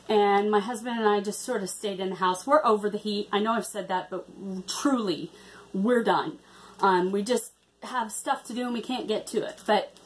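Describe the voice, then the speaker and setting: Chatty woman vlogger, slightly high voice. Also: a little hiss or hum. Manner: chatty, hesitant, many ums and restarts. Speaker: cross-stitch vlogger. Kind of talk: casual vlog chat.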